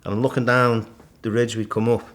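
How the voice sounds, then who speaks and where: A middle-aged man, a guest in a casual interview, vividly retelling his climb and acting out the shouts and thoughts along the way. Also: mid-range voice, brisk. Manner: animated storyteller, acts out his own shouts and thoughts. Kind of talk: storytelling in casual conversation.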